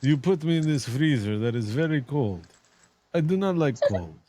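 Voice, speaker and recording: A man's voice: medium pitch, very animated, normal speed, dark tone, no room sound. A man putting on a snooty undead boy. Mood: complaining. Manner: formal, haughty and demanding. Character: snooty undead little boy, bossy, like a mob boss.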